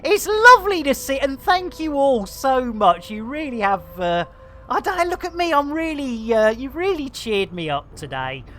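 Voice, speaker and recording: Excitable woman streamer. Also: high voice, moderate pace, slight background noise. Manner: excitable, exclaiming, thanking viewers. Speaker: game streamer. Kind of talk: live gaming stream chat.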